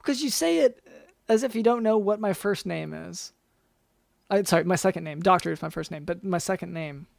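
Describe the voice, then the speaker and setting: A man's voice: high-pitched, normal speed, gravelly, dry recording. A man hosting a comedy podcast as a doctor, hesitant and stammering.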